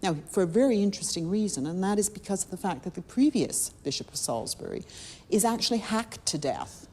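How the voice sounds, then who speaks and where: An English woman expert explaining history in an interview, thoughtful and measured. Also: mid-range voice, animated, darkish tone, breathy edge. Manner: thoughtful, with restarts. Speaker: expert guest.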